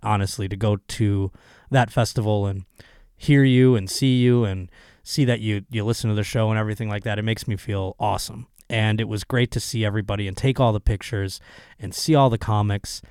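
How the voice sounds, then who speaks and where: Hoarse man rambling on his podcast. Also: mid-range voice, no echo, studio quality. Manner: rambling, profane, excitable. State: hoarse, voice still recovering. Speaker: comedian podcast host. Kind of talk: casual solo podcast monologue.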